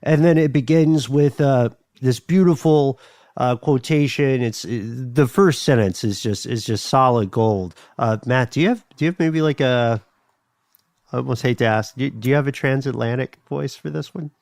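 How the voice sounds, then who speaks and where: A man's voice: mid-range voice, normal speed, darkish tone, dry recording, clean studio sound. A man co-hosting a podcast, telling a history story in a chatty, loose way with many fillers. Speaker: podcast co-host. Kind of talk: casual conversational storytelling.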